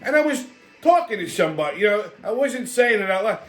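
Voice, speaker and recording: A man's voice: sits high, very animated, a little fast, a bit bright. A male host ranting on a comedic political show, brash, swaggering and full of swearing. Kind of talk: profane comedic political rant.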